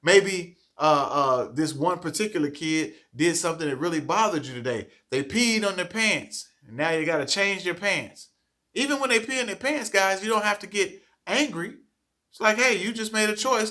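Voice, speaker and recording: A man's voice: sits high, pushed and bright. A man giving a training talk to childcare teachers, earnest and coaching, often checking in with "okay?".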